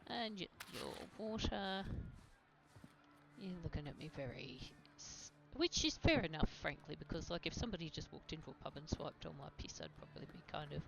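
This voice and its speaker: Gravelly, chatty let's-play gamer. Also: mid-range voice, lively intonation, a little fast, noisy background. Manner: chatty, self-deprecating, swears casually. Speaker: gamer playing a video game. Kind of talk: casual let's-play commentary.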